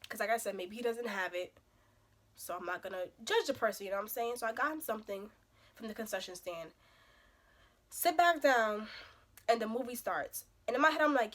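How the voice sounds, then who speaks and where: A young woman with a slightly hoarse voice from a cold, telling a dating story as a casual storytime vlog with emphatic, animated outbursts. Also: a little high, moderate pace, pauses often. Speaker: vlogger.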